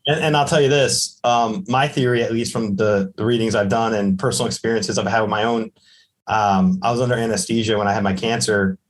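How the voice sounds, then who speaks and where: Animated man telling a personal story. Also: fairly low pitch, a little fast. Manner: animated, acts out the voices in his stories. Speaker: podcast guest, psychic medium.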